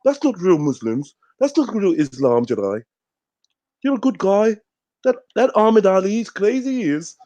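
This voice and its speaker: A man's voice: high-pitched, very animated, moderate pace, dark tone, voice pushed up. A man putting on the voice of a friendly, apologetic young male fan, with an eager, ingratiating put-on accent.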